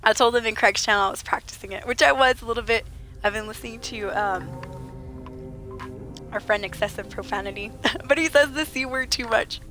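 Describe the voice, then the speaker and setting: A woman's voice: a little high, brisk, bright, forceful tone, soft background music. Chatty woman livestreamer, a little sick. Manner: playful, chatty, laughs often, reads chat aloud. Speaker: livestreamer playing a game. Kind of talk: casual livestream chat with viewers.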